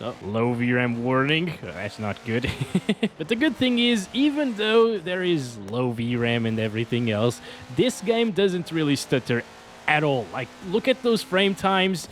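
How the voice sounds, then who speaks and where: A man hosting a casual hardware review, upbeat and chatty, often laughing and mumbling quick asides. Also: fairly high pitch, slight background noise. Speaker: tech reviewer host.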